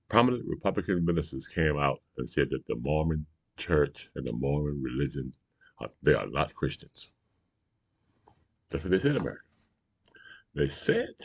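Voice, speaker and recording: A man with a very deep, gravelly, husky voice rambles through a casual monologue as host of his own show. His pitch swings widely, and the sound is dry and close. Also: no echo. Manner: rambling, folksy, with frequent "you know" and "okay?". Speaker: host of a morning talk show.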